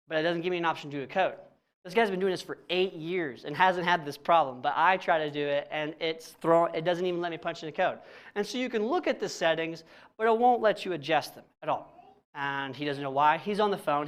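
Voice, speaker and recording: A young man at a church, casually telling a personal story, animated and self-mocking, acting out both sides of conversations in plain slang. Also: on the high side, a little fast. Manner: animated, self-mocking, laughs at his own frustration.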